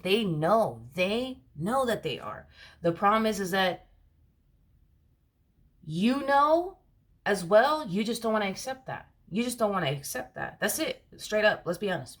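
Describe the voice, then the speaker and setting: A woman giving a casual spoken tarot reading, talking in an emphatic, direct and slangy way and repeating her points. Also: mid-range voice. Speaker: tarot reader.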